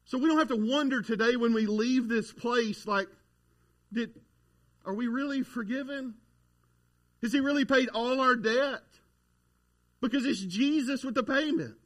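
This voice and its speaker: A man delivers a sermon from the pulpit. His voice sits fairly high, and he preaches in a folksy, conversational way, weaving homespun stories into the message. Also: fairly bright tone. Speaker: pastor.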